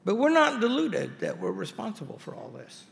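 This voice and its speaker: Gravelly man giving a wry hall speech. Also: high-pitched, wildly swooping pitch, normal speed. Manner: wry, folksy storytelling with asides. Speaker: college president. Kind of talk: anniversary speech to an audience. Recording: hall reverb with faint ambience.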